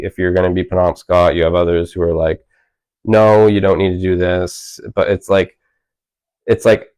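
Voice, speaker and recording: Low-voiced man, rambling and candid. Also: a little mellow, low-quality recording. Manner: rambling, lots of "like" and restarts. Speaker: author guest. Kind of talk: casual conversation. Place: library event.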